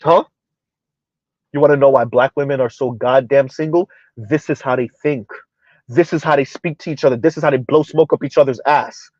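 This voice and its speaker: A man's voice: mid-range voice, steady tone, a little mellow, no room sound, muffled recording. A man hosting a reaction commentary, talking emphatically and sarcastically, drawing out words for effect and often tossing in a rhetorical "huh?". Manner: emphatic, sarcastic, drawn-out repetition with frequent "huh?". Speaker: commentary channel host. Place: South Florida.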